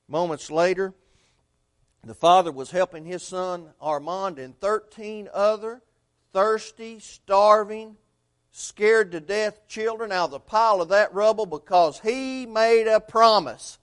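A man preaching a sermon, telling a story earnestly and swinging between loud and hushed delivery. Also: high voice, measured pace, smooth.

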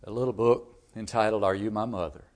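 A man's voice: on the low side, fairly even intonation, a little fast. Emphatic man preaching a sermon. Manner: emphatic, rising to loud storytelling peaks. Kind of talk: sermon with storytelling.

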